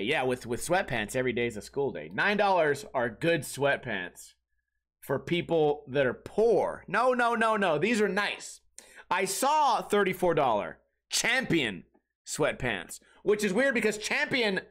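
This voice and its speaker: Solo male podcast host, higher voice, profane rambling comic monologue. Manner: profane, rambling, animated storytelling. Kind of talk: casual comedic monologue.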